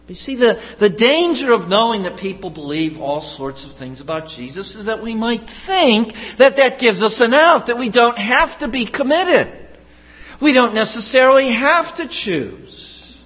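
A man's voice: very high voice, sing-song, normal speed. A man preaching a sermon in an earnest, emphatic way, repeating his key questions. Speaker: pastor. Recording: dull sound with long hall reverb.

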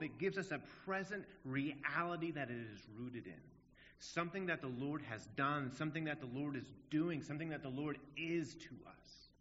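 A man's voice: fairly high pitch, sharp tone, slight background noise. A man preaching a sermon in an earnest, emphatic way, asking rhetorical questions. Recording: dull audio in a long-reverb hall.

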